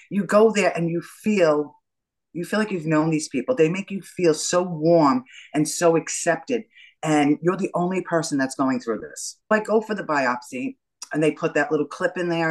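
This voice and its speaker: Animated middle-aged New woman storyteller. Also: sits low, rough recording. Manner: animated storyteller, acts out the dialogue. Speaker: guest. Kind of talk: telling her story in an interview.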